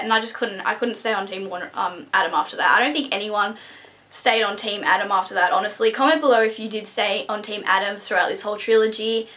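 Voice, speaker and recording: A woman's voice: fairly high pitch, a bit bright. A young woman gushing and rambling through a casual book review vlog, full of restarts and fillers.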